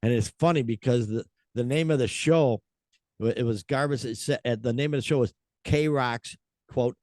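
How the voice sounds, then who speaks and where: A man's voice: medium pitch, normal speed, darkish tone, no echo, studio quality. An older man hosting a podcast, chatting and reading rock news in a jokey, chuckling way. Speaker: podcast host. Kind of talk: casual chat, reading news.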